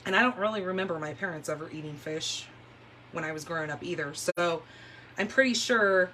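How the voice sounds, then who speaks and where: Chatty woman with a bright voice. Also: lowish voice, brisk, slight background noise. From California. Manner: chatty, rambling storyteller who laughs easily. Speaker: crafting livestream host. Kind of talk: casual chat while demonstrating paper crafts. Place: room at home.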